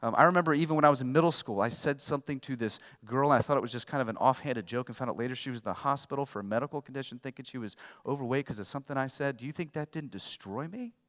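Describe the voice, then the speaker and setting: A man preaching a sermon as pastor, emphatic, swinging between loud and hushed. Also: medium pitch, rapid-fire, few pauses. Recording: long hall reverb.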